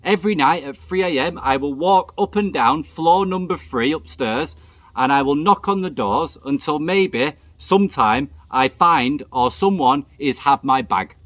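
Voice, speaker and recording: A man voicing the restless ghost of a dead male friend, speaking calm, melodic broken English. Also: a little high, a little slow, dry recording. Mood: mournful.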